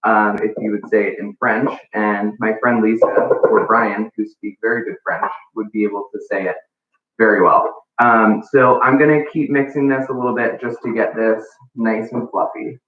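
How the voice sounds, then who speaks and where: A man talks through a baking demo in a relaxed, rambling way, filling pauses with ums and likes. He is some way off the mic in an echoey room, and the sound is thin and phone-like. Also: lowish voice, far from the mic. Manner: casual, chatty, many ums and likes. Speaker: baking instructor. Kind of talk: live cooking demonstration.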